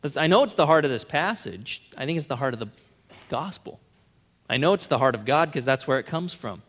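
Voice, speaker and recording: A man preaching a sermon in an earnest way, repeating key phrases and letting his sentences fall to soft endings. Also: mid-range voice, expressive, brisk, long reverb tail.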